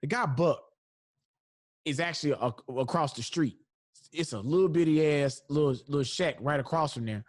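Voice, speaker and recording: A man's voice: fairly high pitch, moderate pace, no room sound, clean studio sound. A man hosting a podcast, telling a comedic story and acting out the voices of the people in it. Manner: animated, acts out voices in his story. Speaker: podcast host.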